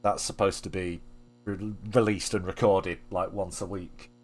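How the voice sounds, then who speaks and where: A man's voice: low voice, little pitch movement, a little slow. Rambling, self-deprecating male game streamer. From Manchester area, England. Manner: self-deprecating, swears freely, thinks aloud. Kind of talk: casual rambling commentary while gaming.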